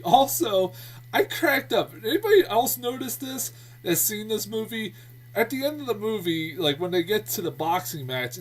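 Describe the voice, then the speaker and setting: Rambling man reviewing a movie. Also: fairly high pitch. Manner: rambling, lots of fillers and restarts, laughs to himself. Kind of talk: casual spoken movie review. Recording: voice a bit distant from the mic.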